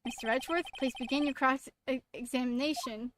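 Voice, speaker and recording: A woman's voice: high voice, steady tone, moderate pace, noisy background, lightly acted. A woman reading as a fussy old judge. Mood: formal. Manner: formal courtroom tone, stumbles while reading. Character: elderly male judge, fussy and formal. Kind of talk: reading game dialogue aloud. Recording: game music playing under the voice.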